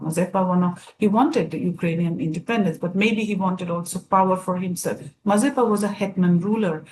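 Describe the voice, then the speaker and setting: A woman from India, giving an academic lecture in a thoughtful, measured way, often pausing to find her words. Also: lowish voice, a little mellow, a little hiss or hum, rough recording.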